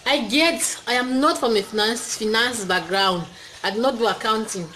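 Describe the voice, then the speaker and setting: Talking to the camera from an indoor setting, this young Cameroonian-accented woman runs her channel with a relaxed, cheerful, filler-heavy style. She speaks at a moderate pace in a fairly high pitch, with noise in the background.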